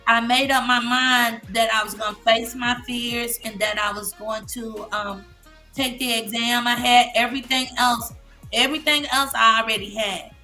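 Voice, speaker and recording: A woman in her fifties sharing an emotional personal story as a guest on a live show, halting and full of fillers. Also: on the high side, steady tone, pushed and bright, faint music behind. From Massachusetts. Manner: halting, many fillers and restarts. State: emotional, near tears. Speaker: guest speaker, licensed therapist.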